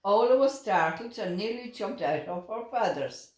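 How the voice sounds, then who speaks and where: An older woman reading a children's picture book aloud, slow and expressive. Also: mid-range voice. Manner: slow and expressive, with lively voices. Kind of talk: storybook read-aloud. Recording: roomy echoing room.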